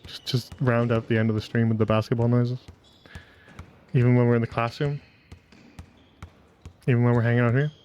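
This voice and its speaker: A man's voice: medium pitch, flat delivery, fairly quick, long pauses, darkish tone, highs cut off, a little hiss or hum. A man chatting casually on a live stream, laughing often and rambling between jokes. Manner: giggly, rambling, self-mocking.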